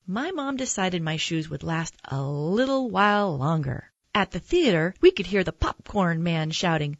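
A woman reading a children's picture book aloud in a gentle, expressive storytelling manner. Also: on the low side, normal speed, no echo, muffled recording. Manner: gentle, expressive read-aloud with character voices.

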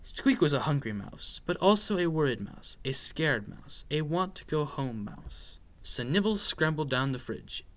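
A man reading a children's picture book aloud in an expressive, playful, sing-song way. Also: a little high, a little slow, hardly any pauses. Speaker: storyteller.

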